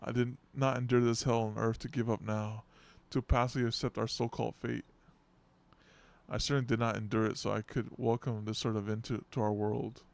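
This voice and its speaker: A man's voice: mid-range voice, flat delivery, brisk, creaky, natural voice. A man voicing an aging giant beast-tsar in a game story, reading in a grave, solemn way. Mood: brooding.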